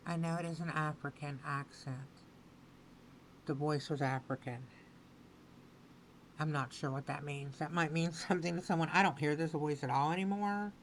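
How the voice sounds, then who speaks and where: Low-voiced lady reading tarot cards, repeats herself, slow and steady. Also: slight background noise, low-quality recording. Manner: slow, repetitive, affirming phrasing. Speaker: tarot reader. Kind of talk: spoken tarot reading to camera.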